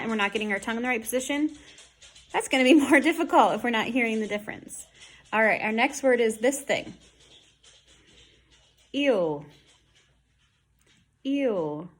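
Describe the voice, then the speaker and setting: A woman teaching an online lesson from home, speaking slowly and modeling speech sounds with exaggerated care. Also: medium pitch.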